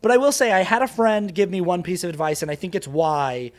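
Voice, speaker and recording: Animated man telling a lively story. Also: high-pitched, a little fast. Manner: animated, laughing, acts out quotes in raised voice. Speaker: guest actor and creator. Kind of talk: casual podcast storytelling.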